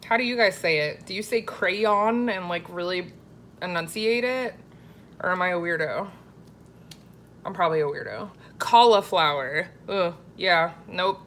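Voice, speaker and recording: Chatty woman cooking vlogger, lowish voice. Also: normal speed, pauses often, fairly bright tone, slight background noise. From Florida. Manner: chatty, reads viewer comments aloud. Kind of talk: casual live-stream chat.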